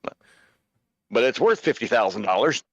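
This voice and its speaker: A man's voice: mid-range voice, very animated, moderate pace, a bit bright, dry recording, dull audio. A man co-hosting a casual livestream chat, rambling and stammering with repeated words. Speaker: podcast co-host.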